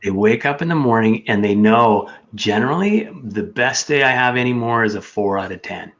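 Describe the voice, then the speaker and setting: A man's voice: mid-range voice, moderate pace, fairly bright tone. A man telling his story earnestly as a podcast guest, sometimes acting out his own inner voice. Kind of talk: casual chat. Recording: dull lo-fi sound.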